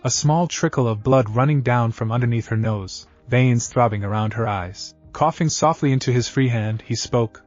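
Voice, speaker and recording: A man giving a steady scripted fan fiction narration, muffled, with faint music behind. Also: medium pitch, normal speed, few pauses.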